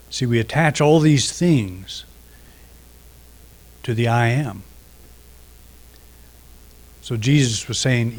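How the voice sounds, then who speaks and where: A middle-aged man giving a reflective sermon, unhurried, pausing often and restarting phrases. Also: mid-range voice. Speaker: minister.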